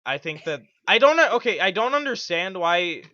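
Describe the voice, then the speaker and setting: A man's voice: sits high, big pitch swings, moderate pace, pushed and bright, dry recording, muffled recording. A man casually chatting about a movie, swearing a lot and rambling with laughs. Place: home, at a desk chair.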